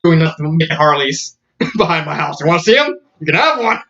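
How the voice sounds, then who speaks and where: A man's voice: fairly high pitch, animated, fairly quick, bright, forceful tone, pitched below the performer's own voice. A man voicing a bored, macho biker who drawls about doing nothing. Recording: dull lo-fi audio.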